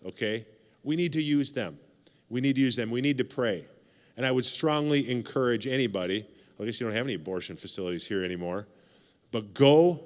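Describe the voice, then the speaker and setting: Man, 40s, keynote speaker at a banquet; casual and joking, mid-pitched voice, leans on repetition. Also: big-room sound. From United States. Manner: casual, joking, repeats phrases for emphasis. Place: banquet hall.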